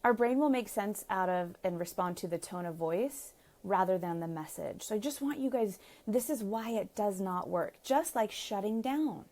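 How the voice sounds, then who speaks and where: A woman's voice: mid-range voice, lively intonation, normal speed, darkish tone. A woman relationship coach giving chatty live advice to viewers, laughing often and acting out what partners say. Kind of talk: live-streamed advice talk.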